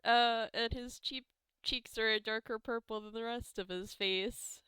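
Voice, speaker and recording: A woman's voice: a little high, fairly even intonation, normal speed, a bit bright, clear, resonant tone, dry recording, clean studio sound. A woman playing in a tabletop role-playing game, reacting with emotion, laughing and drawing her words out. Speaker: player. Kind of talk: tabletop role-play chat.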